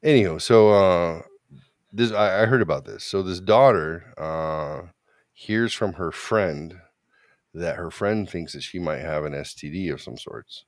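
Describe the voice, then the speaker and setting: A man's voice: low-pitched, unhurried, dry recording, studio quality. A man co-hosting an online talk show, telling crude stories in a rambling, joking way. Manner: rambling, joking, voices quoted people. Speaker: podcast co-host. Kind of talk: casual chat, crude storytelling.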